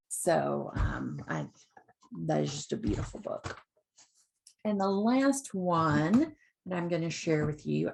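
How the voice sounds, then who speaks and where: A woman who teaches literacy, retelling picture books for teachers in a slow, relaxed way with many ums. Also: low voice, creaky, slight background noise. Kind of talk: informal book talk to teachers.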